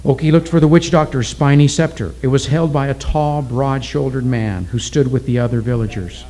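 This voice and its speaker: A man reading a story aloud as an audiobook, his voice at an ordinary pitch. He keeps a measured, steady storytelling pace throughout. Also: low-quality recording. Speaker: narrator. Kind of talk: audiobook narration.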